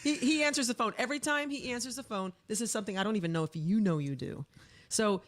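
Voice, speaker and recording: A woman's voice: fairly high pitch, fast, noisy background. Chatty, laughing woman co-host. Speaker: podcast co-host. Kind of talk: casual chat.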